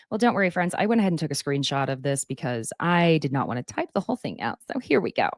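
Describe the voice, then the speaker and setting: A woman's voice: low voice, big pitch swings, fast talker, few pauses, no room sound, clean studio sound. A woman hosting a casual recap, chatty and opinionated, with asides and mock voices. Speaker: recap host.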